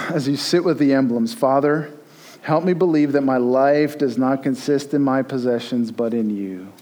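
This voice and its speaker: A man's voice: mid-range voice, normal speed, dark tone. A male pastor giving a conversational sermon and leading communion, rising to emphatic peaks.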